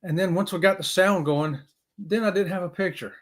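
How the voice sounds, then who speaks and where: A man hosting a live stream in casual chat, folksy and excitable, often saying y'all. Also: high-pitched, a little fast.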